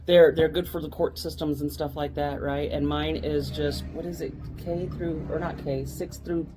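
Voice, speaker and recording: A woman's voice: low-pitched, steady tone, normal speed, over music. A woman co-hosting a podcast, telling a personal story in casual chat and rambling with restarts and asides. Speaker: podcast co-host.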